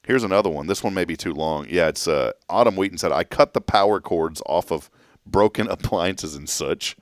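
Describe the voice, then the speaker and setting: Deep-voiced jokey male morning host. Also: moderate pace, no echo, studio quality. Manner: jokey, animated, laughs while reading listener comments. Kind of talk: casual chat.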